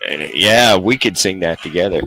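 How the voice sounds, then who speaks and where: A man's voice: low voice, animated, normal speed, pushed and bright, rough recording. A man chatting casually as a guest on a stream, easygoing and laughing along. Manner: easygoing, laughs along, hums song lines. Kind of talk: casual chat.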